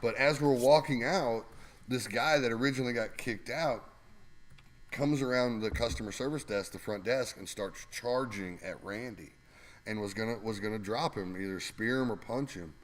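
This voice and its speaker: A man's voice: mid-range voice, normal speed. A man casually telling rambling, laughing anecdotes as a guest co-host, with lots of fillers. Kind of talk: casual storytelling.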